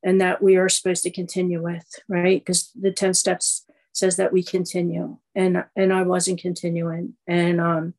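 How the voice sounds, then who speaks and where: A woman's voice: lowish voice, completely flat delivery, moderate pace, few pauses, darkish tone, low-quality recording. A middle-aged woman speaking at a recovery meeting, telling her story in a loose, conversational way full of fillers and restarts. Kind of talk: personal testimony storytelling.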